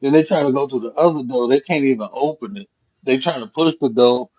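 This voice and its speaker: A man hosting a casual live chat, telling a profane, animated story. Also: mid-range voice, a little fast, breathy edge. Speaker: host. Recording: dull lo-fi stream audio.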